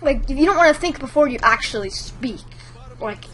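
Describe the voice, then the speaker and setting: High bright chatty woman vlogger. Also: expressive, brisk. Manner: chatty, rambling, lots of "like" fillers. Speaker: YouTube commentator giving tips. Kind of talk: casual tutorial vlog.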